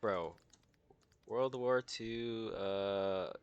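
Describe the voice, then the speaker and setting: A young man rambling through casual commentary, full of slang and "bro." His voice sits on the low side. The sound is dry and close, with no room around it. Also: drawn-out words, clean tone, dry recording, lo-fi sound. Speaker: content creator.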